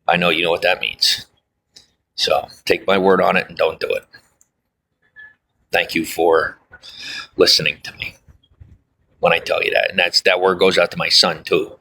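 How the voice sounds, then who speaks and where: A man's voice: sits low, fairly even intonation, moderate pace, pauses often, bright, forceful tone, slight background noise, poor audio. A man speaking as a father, giving his son an urgent, earnest warning, repeating himself and restarting his sentences. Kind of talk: earnest personal message to the camera.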